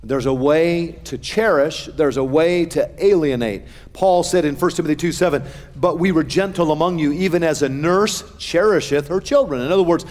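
Man preaching in a reverberant hall. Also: high voice. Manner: earnest preaching with folksy humor, varied emphasis. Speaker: pastor. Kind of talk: sermon.

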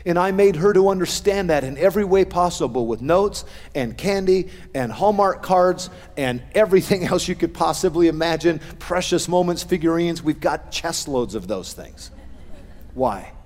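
Middle-aged male pastor, earnest folksy sermon delivery, slightly high voice, long hall reverb. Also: moderate pace, a little mellow. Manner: earnest preaching with folksy humor, varied emphasis.

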